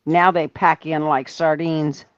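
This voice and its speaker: Older lady from ohio, slow easygoing chatter, lowish voice, dull dry stream sound. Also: flat delivery, smooth, dry recording. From Ohio, USA. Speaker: livestream co-host reading chat. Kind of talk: casual livestream chat.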